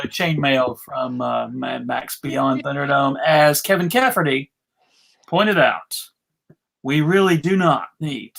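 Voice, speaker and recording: A man hosting a casual livestream chat, halting with many restarts and laughs. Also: fairly high pitch, gravelly, a bit bright, slight background noise. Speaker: podcast host.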